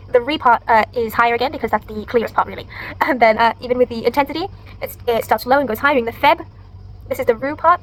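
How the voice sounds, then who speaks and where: A woman student presenting to her lecturer, explaining pronunciation briskly and saying example words aloud. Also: a little high, a bit bright, poor audio. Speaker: university student presenting an assignment. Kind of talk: academic presentation with spoken demonstrations.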